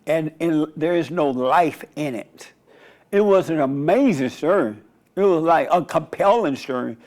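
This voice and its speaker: A male pastor with a somewhat high voice delivers a loose, conversational sermon. He tells stories in a rambling way and often restarts his sentences. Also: animated, measured pace, darkish tone. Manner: rambling, storytelling, frequent restarts. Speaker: pastor and radio host.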